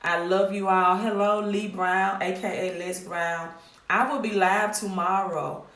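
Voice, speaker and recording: In an echoey room, a middle-aged woman with a Mississippi accent talks about her credit repair business on a casual live stream. Her mid-range voice is steady, a little slow and fairly bright, and her manner is direct and scolding with repeated points.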